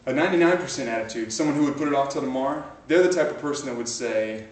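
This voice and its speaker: A man's voice: medium pitch, very fast. A man giving a motivational talk to a live group, telling stories and building to pumped-up exhortation, recorded from a far camcorder. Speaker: motivational speaker. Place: large room with a live group. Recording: echoey room from a far camcorder.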